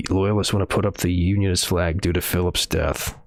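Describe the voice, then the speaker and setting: A man with a low voice drifts through casual stream commentary, hedging, swearing and trailing off into fillers. His voice is close and dry, recorded at a desk mic in a small home room. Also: level tone, a little slow, fairly bright tone, no echo. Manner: rambling, profane, hedging with fillers. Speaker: streamer reading news.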